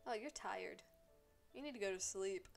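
A woman streaming a life-sim game, excitably scolding the characters and swearing freely in casual commentary. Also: medium pitch, normal speed, creaky, faint music behind. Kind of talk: casual live gameplay commentary.

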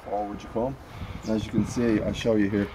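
A man's voice: lowish voice, level tone, fairly quick, warm tone, slight background noise, low-quality recording. A man with a Dublin accent chatting casually and rambling through an outdoor car repair how-to. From North County Dublin, Ireland. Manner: chatty, rambling, self-deprecating, prone to sidetracks. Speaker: classic car hobbyist. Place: outdoors by a house in the cold.

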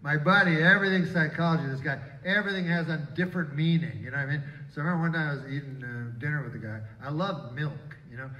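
A man in his fifties or sixties doing a live stand-up set in a casino, deadpan and halting, rambling with restarts. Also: fairly high pitch. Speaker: stand-up comedian. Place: casino stage before a live audience. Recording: echoey room, distant, dull audience recording.

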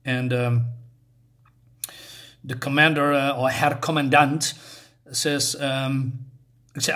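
A man's voice: medium pitch, little pitch movement, slow pace, long pauses, pushed and bright. A man casually walking through a comic book's story, hesitant and full of fillers and self-corrections, chatty and laughing at himself. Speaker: comic book reviewer. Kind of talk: casual comic book walkthrough.

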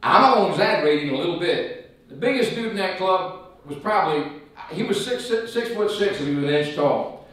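Male evangelist, folksy animated storyteller, high voice, heard from a distance in a very echoey church. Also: normal speed. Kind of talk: sermon testimony storytelling. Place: church sanctuary.

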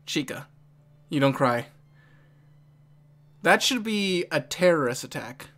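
Reaction host, excitable, laughing often, talking back to the screen, middle pitch. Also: moderate pace, pauses often. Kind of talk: casual reaction commentary.

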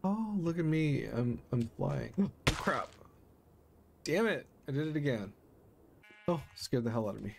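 Narrating his Minecraft let's play, this young YouTuber startles easily, often gasping and exclaiming. He speaks at a measured pace with long pauses in a fairly high, gravelly voice with lively intonation, while game music and a bit of background noise play.

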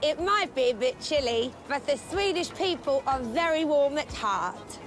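A bumbling, self-important Eurovision spokesperson, played by a woman, chirpy and clueless in a comic mock travel report. Her voice runs high and swoops widely, with music playing underneath. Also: animated, a little slow.

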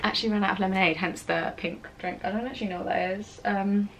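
A teenage English girl talks straight to her camera in a relaxed Q&A vlog. She rambles, giggles and wanders off topic. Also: mid-range voice, fast, a little hiss or hum. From England. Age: teens. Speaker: vlogger. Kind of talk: casual Q&A vlog. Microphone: camera mic with ring light setup.

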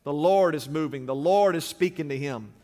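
High-voiced pastor preaching. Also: male voice, moderate pace. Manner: dramatic, swinging from loud declarations to hushed low lines. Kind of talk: sermon. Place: large church sanctuary. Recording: long reverb of a large sanctuary.

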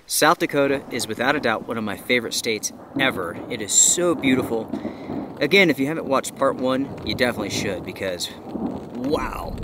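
Out of breath at times, a North Carolina outdoor vlogger chats easygoingly to his viewers while camping under a tarp in a rainy forest. His medium-pitched voice moves at a moderate pace, and the outdoor camera mic catches steady rain drumming on the tarp.

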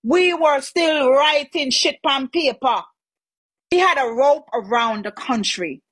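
A woman's voice: high voice, takes it slowly, fairly bright tone, no room sound, low-quality recording. A Jamaican woman giving her opinion in a casual, conversational way, sometimes searching for words.

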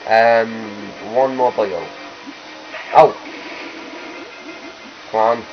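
A man's voice: lowish voice, steady tone, extremely slow, long pauses. A man hosting a let's play, talking through gameplay in a rambling, chatty way that keeps correcting itself. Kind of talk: gameplay commentary. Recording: lo-fi capture with faint game music.

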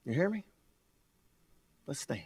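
Pastor guy preaching hard, kinda high voice, lots of "you hear me?" type questions, goes loud then quiet. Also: sing-song, husky. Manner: fervent preaching, repeats phrases, rhetorical questions; wide swings in loudness and pace, drawn-out emphasis. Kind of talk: sermon.

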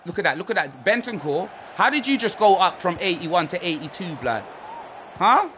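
A young man, commentating on his own football video game with excitable shouts and lots of slang. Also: high-pitched, moderate pace, slight background noise. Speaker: gaming streamer.

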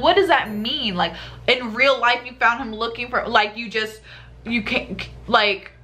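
A young woman in her twenties chats casually to her viewers, giving blunt, profane and sassy advice. Her voice is bright and sharp and sits fairly high. She keeps throwing out rhetorical questions, and her pitch leaps up when she gets fired up. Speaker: vlogger answering viewer questions. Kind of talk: casual chat.

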